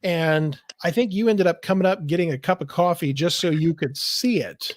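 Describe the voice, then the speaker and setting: A man's voice: a little high, moderate pace, no room sound. A man hosting a casual show chat, talking loosely and laughing easily, recording while traveling. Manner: laughs easily, loose rambling talk with fillers. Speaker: podcast host. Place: indoors while traveling, video call setup.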